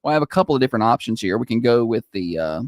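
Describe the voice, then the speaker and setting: A man's voice: medium pitch, very animated, rapid-fire, no echo, studio quality. A man co-hosting a morning radio show in a teasing, playful way. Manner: teasing, playful, often laughing. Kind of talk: casual on-air banter.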